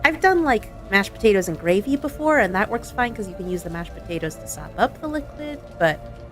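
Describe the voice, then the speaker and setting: A woman's voice: mid-range voice, big pitch swings, a little fast, fairly bright tone, soft background music. A woman co-hosting a game stream, chatting casually and upbeat into a desk microphone.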